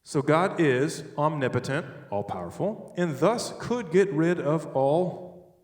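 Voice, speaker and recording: Animated man preaching in an echoey hall. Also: fairly high pitch, slow, far from the mic. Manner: animated, joking, with sudden loud emphasis. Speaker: speaker at a church. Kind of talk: sermon-style teaching talk. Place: large church hall. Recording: echoey hall, picked up from afar.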